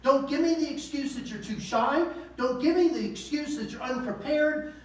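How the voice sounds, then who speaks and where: A man's voice: extremely high pitch, moderate pace. A male pastor preaching a sermon in a folksy, conversational way, with slang and pointed rhetorical questions. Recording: echoey room, voice from far off.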